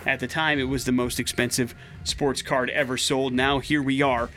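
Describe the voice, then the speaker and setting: A man co-hosting a morning radio show, chatting casually and excitably with plenty of fillers. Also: medium pitch, normal speed, soft background music.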